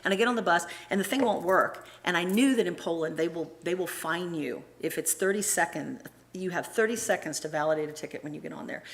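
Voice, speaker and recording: A woman with a fairly low voice tells a personal travel story to a church gathering. She is animated and acts out the conversations as she goes. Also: fairly quick. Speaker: guest speaker at a church.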